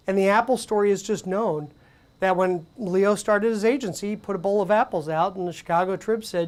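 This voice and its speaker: A woman's voice: mid-range voice, brisk. Woman giving a conversational conference talk. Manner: conversational, animated storytelling with frequent fillers. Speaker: conference presenter. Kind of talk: conference presentation. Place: conference venue.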